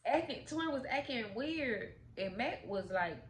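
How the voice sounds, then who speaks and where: A woman's voice: on the high side, expressive, a little slow. A woman casually recapping a movie plot in slangy, chatty speech, acting out the characters' lines as she goes. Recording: roomy echo with faint noise.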